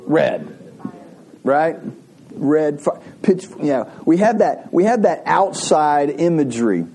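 A man's voice: a little high, big pitch swings, slow, dark tone, a little hiss or hum. A man preaching a sermon, telling a folksy joke and asking the congregation questions. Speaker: pastor.

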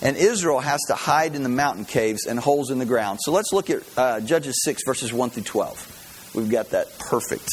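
A man's voice: medium pitch, animated, normal speed, slight background noise, poor audio. A man preaching a sermon, talking in a folksy, conversational way and telling jokes along the way. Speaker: pastor.

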